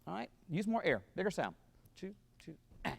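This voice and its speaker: Brisk male band clinician, a little high, raspy edge, scats rhythms and counts off the players in a reverberant hall. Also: big pitch swings, background noise. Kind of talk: rehearsing a wind band.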